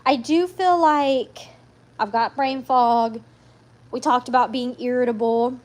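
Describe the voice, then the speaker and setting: High-voiced chatty woman. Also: fairly even intonation, slow pace, a little mellow. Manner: rambling, chatty, sassy asides. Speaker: live stream host. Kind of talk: casual live chat.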